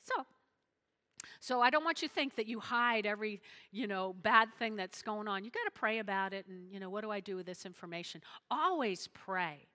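A woman's voice: medium pitch, lively intonation, moderate pace, bright, forceful tone, long reverb tail. A woman preaching a chatty sermon, checking in with her listeners often. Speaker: pastor's wife, preacher.

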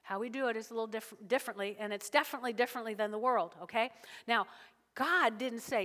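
A woman pastor giving a conversational sermon, lively and chatty, often checking in with her listeners. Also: a little high, a little fast. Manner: lively, conversational preaching with frequent "all righty?" asides. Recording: hall reverb with faint music.

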